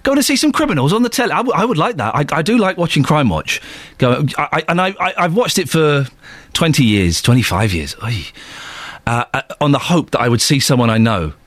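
Lively, jokey male radio host. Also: fairly high pitch, brisk, no echo. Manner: jokey, teasing, lively banter. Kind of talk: casual radio chat. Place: radio studio. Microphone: studio microphone.

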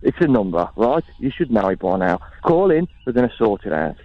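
A man's voice: on the low side, very animated, a little fast, no room sound. A man playing a brash, impatient radio phone-in host with a Black Country accent, blunt and dismissive with callers. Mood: boastful. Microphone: studio microphone. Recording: dry, slightly dull studio sound.

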